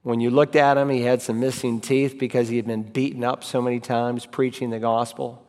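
In a reverberant hall, a man teaches a Bible class in a relaxed, conversational style. Speaking a little fast in a medium-pitched voice, he repeats key phrases and recites verses aloud to show how it's done.

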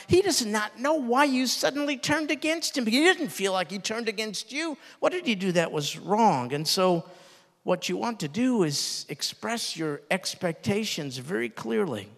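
An older man preaching a sermon who talks earnestly and drops low and soft when he quotes tender words. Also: very animated, normal speed, gravelly. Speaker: pastor. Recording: long reverb.

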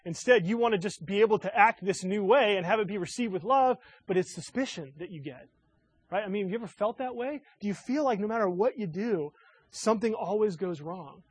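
Earnest high-voiced male preacher. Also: fairly quick, husky, rough recording. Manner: earnest, asks the audience many rhetorical questions. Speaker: pastor. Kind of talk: sermon.

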